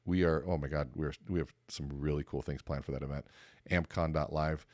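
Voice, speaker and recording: Speaking briskly in a bass voice, a man hosts a podcast and delivers a motivational talk about conversation. He is a speaker coach whose animated stories feature dialogue acted out in a raised voice, recorded at studio quality with no room sound.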